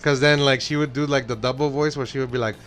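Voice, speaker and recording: A man's voice: medium pitch, fairly even intonation, fast, a bit bright, slight background noise. A man from El Paso co-hosting a pop-culture podcast in casual chat, rambling with frequent restarts. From El Paso, Texas. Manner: rambling, frequent restarts, quotes voices playfully. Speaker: podcast co-host.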